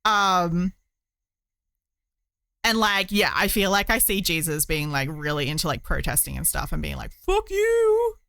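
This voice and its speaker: A woman's voice: low voice, fairly even intonation, moderate pace, vocal fry, long pauses, bright, forceful tone, no echo, clean studio sound. A woman streamer chatting casually while she crochets, rambling with many fillers.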